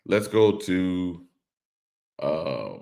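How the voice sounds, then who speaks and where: A man's voice: sits low, very animated, drawn-out words, creaky, warm tone. A man hosting a casual live-stream podcast, reading chat comments aloud and laughing along in a laid-back way.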